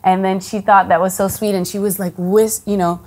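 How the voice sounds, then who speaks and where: An actress from the United States of Dominican heritage, chatting casually in an interview, full of fillers and restarts and lively quoted voices. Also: female voice, medium pitch, normal speed, a little hiss or hum. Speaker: actress and singer, guest.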